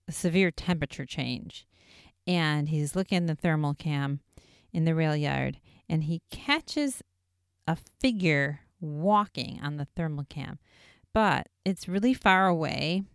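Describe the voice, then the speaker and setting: A woman casually recapping an episode in a chatty, excitable way, full of "like" fillers. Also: sits low, smooth, no echo, studio quality.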